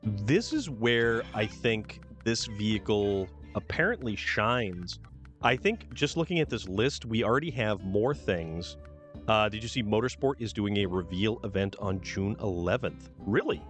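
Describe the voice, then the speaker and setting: A man's voice: lowish voice, lively intonation, a little slow, a bit bright, faint music behind. A man hosting a game stream, chatting casually and reading out vehicle details. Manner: chatty, reads truck descriptions aloud. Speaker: streamer host. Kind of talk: casual gameplay chat.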